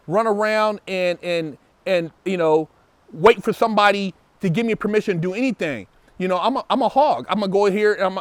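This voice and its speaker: His voice sits high with a fairly bright tone as he hosts a show, answering viewer comments in a casual, emphatic monologue. He's opinionated and repeats words when fired up, and there's no echo.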